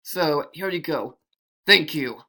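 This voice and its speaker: An amateur storyteller putting on the voice of a nervous older male bartender who speaks softly and hesitantly, apologizing. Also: mid-range voice, expressive, slow, exaggerated voice. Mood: apologetic.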